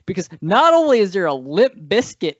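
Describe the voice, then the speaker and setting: A man chatting on a movie podcast, rambling from point to point and catching himself mid-sentence. His pitch swings widely as he talks. The sound is dry and a little dull, lo-fi. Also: fairly quick, dry recording. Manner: rambling, animated, frequent self-corrections and laughs. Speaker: podcast co-host. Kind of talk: casual movie-review chat.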